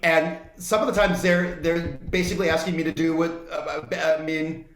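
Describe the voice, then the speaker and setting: A male guest musician chatting casually on a livestream, relaxed and often repeating words as he searches for them. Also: fairly high pitch, moderate pace, roomy sound, rough recording.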